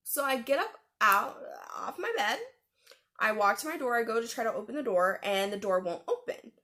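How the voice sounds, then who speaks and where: A young woman vlogger telling a personal story in a casual, animated way, with fillers and laughs. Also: fairly high pitch, normal speed.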